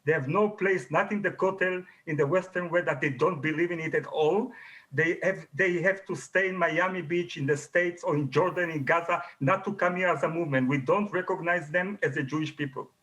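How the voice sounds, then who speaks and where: A man speaking as a rabbi in a televised debate, his voice sitting high for a man. He talks bluntly, stacking short, repeated condemnations one after another. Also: a little fast, fairly bright tone, low-quality recording. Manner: blunt, denouncing, repetitive. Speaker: rabbi, guest. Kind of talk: heated debate.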